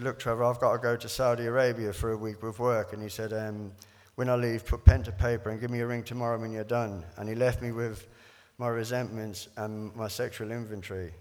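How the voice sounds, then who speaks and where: A man gives candid personal testimony about his recovery, circling back and repeating words as he acts out old conversations. His voice sits at an everyday pitch and carries a long reverb from a hall. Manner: rambling, repeats words, quotes others in dialogue. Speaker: recovery speaker sharing his story.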